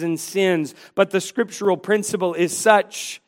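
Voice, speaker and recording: A man's voice: sits high, steady tone, measured pace, few pauses. A man preaching a sermon, earnest, acting out the taunts of mockers and the words of biblical figures.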